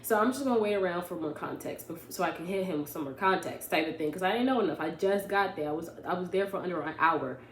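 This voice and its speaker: A young woman vlogger, telling a story in a casual, animated, rambling way and often correcting herself. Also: fairly low pitch, quick pace, few pauses. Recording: echoey room with faint ambience.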